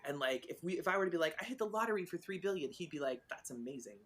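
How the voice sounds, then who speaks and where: Fortyish woman on a podcast, talks super fast and all over the place pitch-wise, swears a lot, acts out the dialogue. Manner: animated storyteller, acts out dialogue, swears freely. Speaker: guest author. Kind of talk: casual podcast chat.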